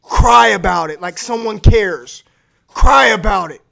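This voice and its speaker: High-pitched man ranting, shouting. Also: a little slow, vocal fry. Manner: aggressive profane shouting rant. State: hoarse, losing his voice. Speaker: live stream host. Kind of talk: ranting live stream. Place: home man cave.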